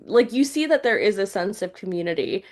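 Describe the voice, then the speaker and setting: Medium-pitched and brisk, this young woman has lively intonation. She's a journalist and news reporter guesting on a podcast, chatting in a heartfelt, casual way with lots of "like" fillers.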